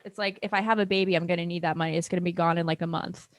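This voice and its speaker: A woman's voice: on the low side, steady tone, rapid-fire, no echo, clean studio sound. A woman co-hosting a podcast in casual chat, telling rambling, profane stories with mimicked quotes. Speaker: podcast co-host.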